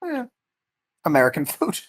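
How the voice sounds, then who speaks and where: A podcast panelist chats casually with a teasing, deadpan streak. The stories come out in an easy, conversational way. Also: mid-range voice, moderate pace.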